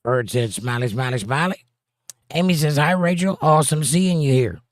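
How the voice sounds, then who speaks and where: A man's voice: a little high, lively intonation, moderate pace, dry recording, clean studio sound. A man hosting a casual livestream, greeting viewers by name and reading their chat messages aloud, with playful rhyming jokes.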